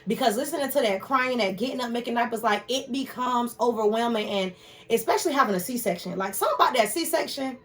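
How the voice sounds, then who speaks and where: A woman's voice: on the high side, fast talker, distant mic. A woman guest speaking frankly and chattily in a candid casual conversation.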